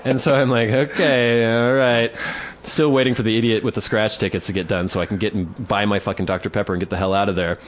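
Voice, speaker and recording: A male podcast co-host tells a story in a lowish voice. He talks casually and swears often. He acts out the people in the story. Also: fast talker. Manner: animated, swears, acts out voices in his stories.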